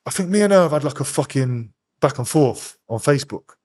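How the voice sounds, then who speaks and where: A young man, a podcast guest, bluntly retelling events with heavy swearing and animated energy. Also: mid-range voice, a little fast. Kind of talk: casual interview storytelling.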